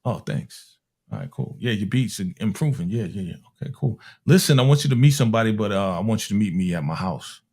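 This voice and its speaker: A man from Harlem, a music producer telling a story in a casual, animated way and acting out the people in it. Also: lowish voice, fast, slightly rough. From Harlem, New York. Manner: animated, acts out other people's voices with slang.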